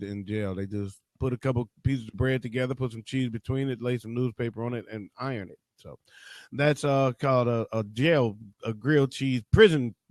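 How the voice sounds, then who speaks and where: Joking livestream host from Detroit, dry sound. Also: male voice, medium pitch, dry recording. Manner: loose, joking, swears freely, greets viewers by name. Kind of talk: casual livestream chat.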